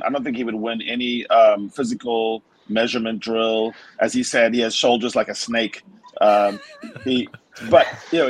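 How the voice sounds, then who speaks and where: Male podcast host, husky voice, thoughtful questions, medium pitch. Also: poor audio. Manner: thoughtful, hesitant with fillers. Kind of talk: casual interview questions.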